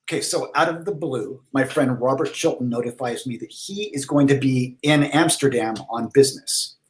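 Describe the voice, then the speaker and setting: A man hosting a live comedy stream tells a story casually, circling back and restarting as he goes. His voice sits at an ordinary pitch and rings a little in a roomy space. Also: moderate pace. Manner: casual, rambling, with fillers and restarts. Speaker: comedy performer and host.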